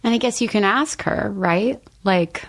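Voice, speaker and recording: A woman author as a podcast guest, talking in a thoughtful, relaxed way, often laughing and hedging with fillers. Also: mid-range voice, unhurried. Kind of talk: casual conversation.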